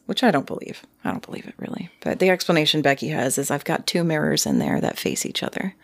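Woman, deep low voice, chatty storyteller, hesitant, lots of ums. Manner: rambling, hesitant, with many fillers. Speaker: podcast guest. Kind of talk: casual storytelling.

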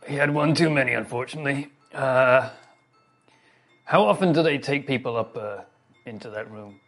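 Gravelly-voiced man playing a tabletop game. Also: mid-range voice, moderate pace, fairly bright tone, faint music behind. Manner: playful, laughs between lines, trails off with fillers. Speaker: player. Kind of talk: tabletop role-play.

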